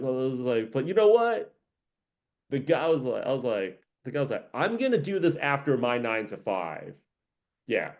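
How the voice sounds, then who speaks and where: A man's voice: mid-range voice, a little mellow. A man hosting a casual career-coaching monologue, rambling, joking and laughing often.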